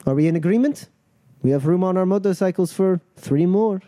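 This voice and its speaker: A man's voice: sits high, brisk, mellow, no echo, clean studio sound, voice pushed up, lightly acted. A man voicing a tough, impatient female outrider captain who gives curt commands in a tabletop role-play game. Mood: brusque.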